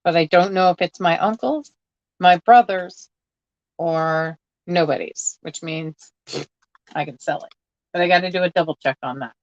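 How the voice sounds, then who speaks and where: A woman's voice: lowish voice, normal speed, pauses often, no echo, muffled recording. Rambling, self-amused woman. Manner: chatty, rambling, laughs at herself. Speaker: crafting vlogger. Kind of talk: casual chat while sorting a box. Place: at home.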